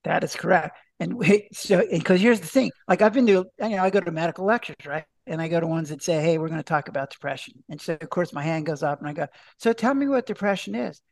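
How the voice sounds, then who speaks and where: A man's voice: fairly high pitch, fast, creaky, few pauses, no room sound. A man, a doctor and author, answering podcast interview questions in a chatty way, full of restarts and acted-out dialogue.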